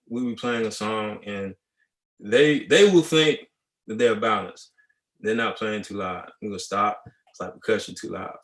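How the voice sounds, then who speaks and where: A male high school band director giving a relaxed, conversational masterclass talk, acting out students' replies. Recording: echoey room.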